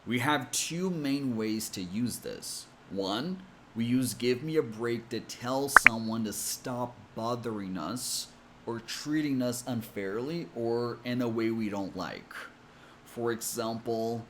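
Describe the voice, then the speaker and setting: A man with an American accent, coaching English pronunciation with slow, careful explanations. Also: mid-range voice, pushed and bright, a little hiss or hum. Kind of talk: explanatory lesson.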